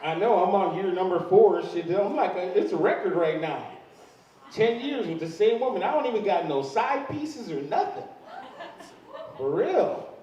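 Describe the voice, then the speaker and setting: A man's voice: high-pitched, expressive, normal speed, a crowd in the background. An older man doing a crude stand-up comedy set in a live club, telling stories and acting out the voices of people in them. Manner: crude, storytelling, acts out quoted voices. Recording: distant, very echoey, dull lo-fi club recording. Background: audience laughter.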